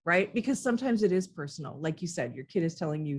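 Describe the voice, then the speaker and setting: A woman's voice: fairly low pitch, expressive, quick pace, darkish tone, breathy edge. A woman parenting coach speaking earnestly and with animation in an interview, often acting out how she talks to children. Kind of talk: interview conversation.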